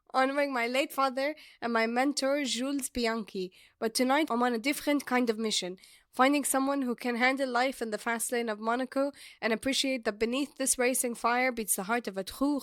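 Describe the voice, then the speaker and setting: A woman's voice: high voice, no echo, studio quality, natural voice. A woman putting on a flirty French-accented male racer. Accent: put-on French-style. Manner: hammy, teasing.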